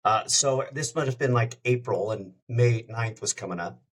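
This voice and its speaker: A man who hosts a radio show, telling a story in a casual, lively way as a podcast guest. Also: mid-range voice, moderate pace, breathy edge. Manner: lively anecdote-telling, acts out quoted dialogue.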